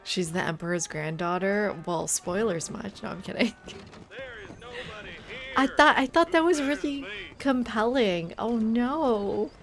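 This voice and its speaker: A woman's voice: on the high side, big pitch swings, slow, vocal fry, fairly bright tone, faint music behind. A woman streaming a video game, making wry, joking asides. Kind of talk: casual gameplay commentary.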